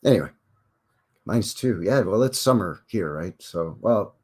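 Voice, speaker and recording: A man's voice: fairly low pitch, animated, normal speed, darkish tone. Folksy man chatting live. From Canada. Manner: folksy, conversational, many fillers and asides. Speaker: livestream host. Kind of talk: rambling live-stream chat with viewers.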